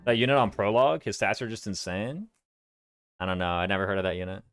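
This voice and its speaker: This streamer plays a strategy game with music running underneath, his low-leaning voice moving fast. He has a Southern US accent, drops consonants, and rambles casually, thinking aloud as he goes.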